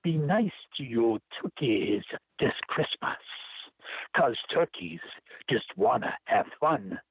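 Man doing a Jamaican accent, poetry recital, slow and lilting, tinny phone line. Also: medium pitch, expressive, gravelly, breathy edge, no echo, full character voice. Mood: playful. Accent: put-on Jamaican. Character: male poem reader in a put-on Jamaican accent. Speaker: caller. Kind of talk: poetry reading.

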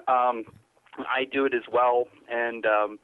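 A man, a guest poet, chatting haltingly and repeating words, then reading his poem aloud. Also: medium pitch, flat delivery, smooth, no room sound. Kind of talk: casual chat and poetry reading. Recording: tinny phone line.

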